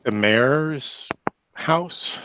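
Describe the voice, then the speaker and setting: A man's voice: medium pitch, animated, extremely slow, bright, forceful tone, muffled recording, a little hiss or hum. A man running an online tabletop game as game master over a video call. He recaps in a loose way and corrects himself as he goes.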